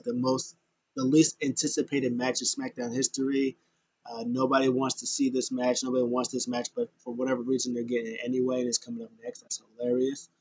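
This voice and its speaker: A man hosting a podcast, casually recapping in a loose, rambling way with many fillers. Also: medium pitch. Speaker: podcast host.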